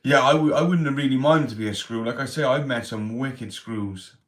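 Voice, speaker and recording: A man's voice: medium pitch, a little fast, fairly bright tone. A man hosting a casual livestream, reading out chat comments and telling stories in street slang. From Wales. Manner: chatty, street slang, reads chat aloud. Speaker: livestream host.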